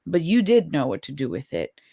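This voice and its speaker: A woman hosting a podcast interview who responds warmly and affirmingly, then asks empathetic questions. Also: deep voice, huge pitch swings, a little fast, gravelly, slightly rough, no echo, clean studio sound. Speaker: podcast host. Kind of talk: interview conversation.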